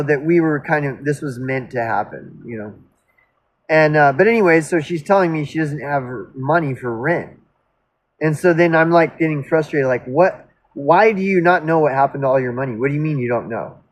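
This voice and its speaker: Blunt rambling man, slightly high voice. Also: a little hiss or hum, low-quality recording. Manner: rambling, self-interrupting, blunt and outspoken. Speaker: storyteller recounting a past relationship. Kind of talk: casual personal monologue.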